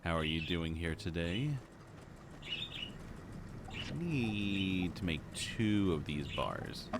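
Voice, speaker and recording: Low-voiced rambling male game streamer. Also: lively intonation, very slow, background noise. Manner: rambling, repeats phrases and restarts. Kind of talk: casual live-stream chat.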